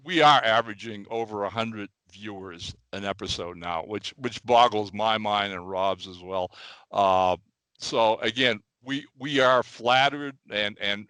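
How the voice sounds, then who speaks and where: Bright-voiced animated male podcast host. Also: on the low side, clean tone, no echo, low-quality recording. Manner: animated, repetitive restarts. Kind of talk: casual podcast chat, telling a joke. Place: studio.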